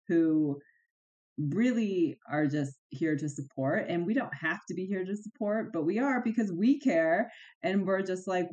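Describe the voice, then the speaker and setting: Low-voiced woman, exasperated chatter. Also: a little mellow. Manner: exasperated, rhetorical questions, sighs. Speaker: podcast co-host. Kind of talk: casual spiritual chat.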